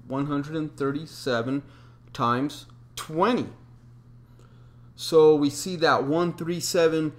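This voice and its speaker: Man, slightly high voice, methodical explanatory monologue, recites numbers, frequent ums. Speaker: video presenter.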